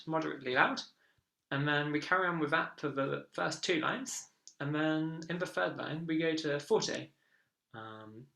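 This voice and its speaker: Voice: medium pitch, creaky, a bit bright. A viola teacher giving an online lesson, encouraging and counting beats aloud. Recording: echoey room with viola playing.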